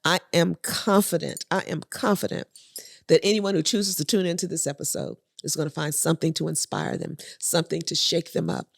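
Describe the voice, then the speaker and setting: A woman's voice: deep voice, fairly quick, creaky, breathy edge. A woman hosting a podcast, often agreeing with her guest and backing him up with short replies. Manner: affirming, chiming in often with agreement. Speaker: podcast host. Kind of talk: conversational podcast interview.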